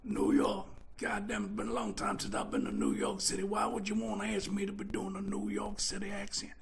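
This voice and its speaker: A man's voice: high voice, very animated, fairly quick, gravelly, pitched above the performer's own voice, heavily acted. A man putting on a brash, dismissive New York accent for comedy.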